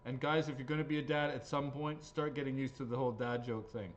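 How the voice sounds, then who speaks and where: A man's voice: medium pitch, steady tone, fast talker, lo-fi sound, slight background noise. A man hosting live raffle draws, chatting casually and joking, swearing freely as he goes. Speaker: raffle host. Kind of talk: live-stream raffle draw chat.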